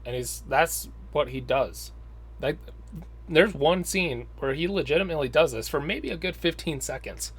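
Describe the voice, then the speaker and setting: A man's voice: a little high, expressive, moderate pace, a bit bright, breathy edge. A man giving a casual, rambling movie review, swearing freely and slipping into mocking impressions.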